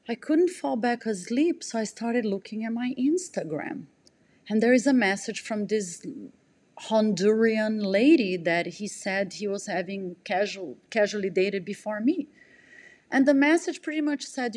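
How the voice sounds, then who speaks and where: A woman telling a personal story in an emotional, breathless way, jumping in pitch as she acts out what people said. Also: lively intonation, unhurried, darkish tone. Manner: emotional, breathless retelling, acts out quotes with big pitch jumps. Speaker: podcast storyteller.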